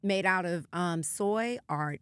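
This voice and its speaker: A woman co-hosting a radio show, chatting casually and telling an animated story with frequent laughter. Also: on the low side, slow, clear, resonant tone, dry recording. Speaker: radio co-host. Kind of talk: casual on-air chat.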